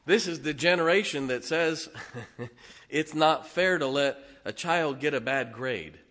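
A male preacher with a drawl delivers his sermon in a forceful, bright-edged voice pitched a little above the usual. He talks folksy and emphatic, tossing jokes between his points. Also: a little slow.

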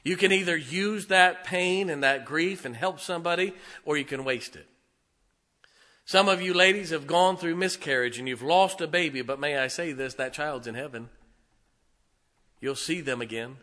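A middle-aged man preaching a sermon as pastor, swinging between loud, emphatic lines and quiet, hushed ones. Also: on the high side, normal speed.

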